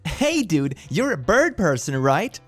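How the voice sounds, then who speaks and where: A woman's voice: low-pitched, big pitch swings, measured pace, faint music behind. A woman reading posts aloud in a matter-of-fact, lightly amused way. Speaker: reader of posts.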